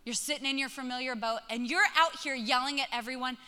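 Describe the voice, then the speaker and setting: A woman's voice: high-pitched, quick pace, sharp tone. A woman preaching a sermon in a conversational, emphatic way, urging her listeners on. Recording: long hall reverb.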